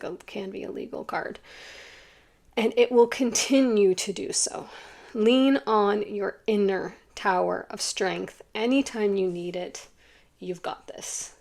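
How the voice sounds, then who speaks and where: Chatty woman with a gravelly fry. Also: medium pitch, a little mellow. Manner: chatty and effusive, many "like"s, quick laughs, acts out imagined people. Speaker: tarot card reader. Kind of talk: casual spiritual card reading to camera.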